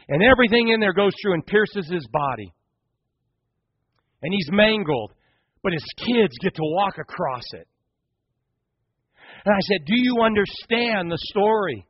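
A man's voice: sits high, animated, moderate pace, husky, no room sound. A man preaching a sermon, telling a story and building to impassioned, rising climaxes. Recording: muffled lo-fi sermon recording.

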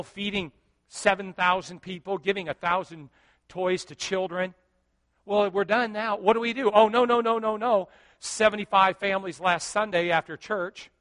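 A middle-aged male pastor telling a story in a sermon, animated and joking, acting out what people said. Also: sits high. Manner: animated, joking, acts out quotes.

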